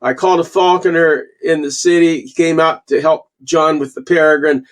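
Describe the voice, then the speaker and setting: A man in his sixties from Canada, a guest falconer telling animated stories in a casual interview and acting out the quotes. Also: a little high, normal speed. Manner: animated storyteller, acts out quotes.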